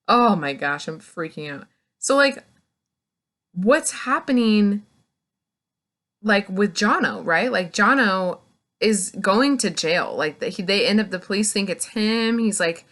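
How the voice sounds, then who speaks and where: A woman giving a casual, chatty book review, retelling the plot with lots of "like" and quick acted-out bits of dialogue. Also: medium pitch. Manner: chatty and animated, retells scenes in quick acted-out snippets, heavy "like".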